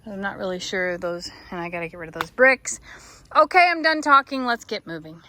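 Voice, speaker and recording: A woman's voice: medium pitch, brisk, sharp tone, slight background noise. A woman chatting casually to the camera outdoors on a farm while doing chores. She talks to herself and makes playful asides to her viewers. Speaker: vlogger and horse owner.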